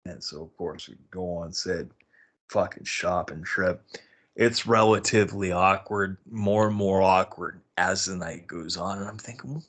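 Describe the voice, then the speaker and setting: A man's voice: unhurried, fairly bright tone. A man hosting a podcast, casually telling a personal story with lots of swearing and exasperated, bewildered outbursts. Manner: profane, exasperated, bewildered retelling with sudden high-pitched outbursts. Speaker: podcast host.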